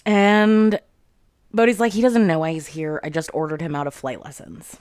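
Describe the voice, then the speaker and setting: A woman's voice: low voice, steady tone, moderate pace, darkish tone, clear, resonant tone, no room sound, studio quality. A woman recapping a fantasy novel in casual chat, swearing freely and quoting the characters as she goes. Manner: chatty, swears freely, quotes characters with 'she's like'. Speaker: book reviewer.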